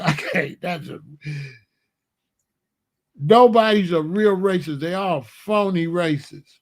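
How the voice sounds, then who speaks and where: A man's voice: high-pitched, takes it slowly, pauses often. A man hosting his own show, delivering a casual comedic monologue full of rhetorical questions and chuckling asides. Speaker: host.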